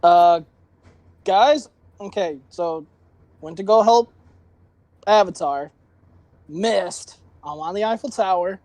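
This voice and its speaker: A man's voice: high voice, slow, pauses often, darkish tone, no room sound. A man chatting as a player in a tabletop game, eager and often laughing. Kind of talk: casual tabletop game chat.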